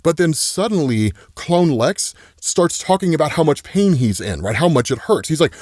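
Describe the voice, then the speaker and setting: List: man, casual comics recap, lively swinging pitch, dry close sound, "right?" asides. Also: moderate pace, hardly any pauses, no echo. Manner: animated storytelling, frequent "right?" asides. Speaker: comics explainer host.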